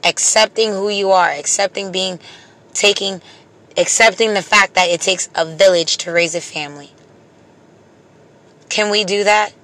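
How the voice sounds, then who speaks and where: Vlogger, bright voice, preachy, repeats phrases, soft trailing line ends. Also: mid-range voice, steady tone, unhurried, pauses often. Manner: repetitive, preachy, emphatic phrases. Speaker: vlogger addressing viewers. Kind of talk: impassioned casual monologue to viewers.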